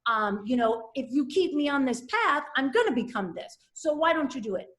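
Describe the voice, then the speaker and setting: Woman, middle-aged, high pitch, lively storytelling, echoey room. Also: normal speed. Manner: animated, acts out quoted voices. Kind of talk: candid personal storytelling.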